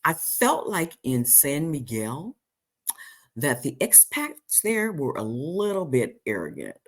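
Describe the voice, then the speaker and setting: A man's voice: wildly swooping pitch, slow, a bit bright. Chatty man rambling through a live stream. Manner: rambling, many fillers and restarts; jumps high when mimicking people. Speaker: host. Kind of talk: casual live-stream chat.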